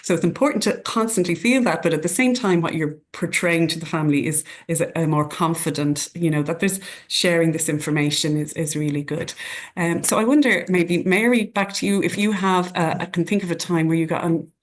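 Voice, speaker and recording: An Irish woman with a fairly low voice leads a panel discussion. She talks conversationally and hands questions over to the panelists. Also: a little fast. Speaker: panel facilitator.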